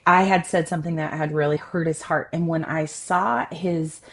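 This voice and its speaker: Low-voiced, expressive woman coach. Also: normal speed. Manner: loud and expressive, animated. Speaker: relationship coach and podcast host. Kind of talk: candid conversational storytelling.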